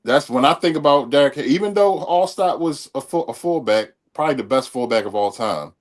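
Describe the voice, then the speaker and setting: A man's voice: mid-range voice, lively intonation. A man co-hosting a casual sports talk show, talking with frequent restarts and swearing. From Baltimore area. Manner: profane, halting, many restarts. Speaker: podcast co-host.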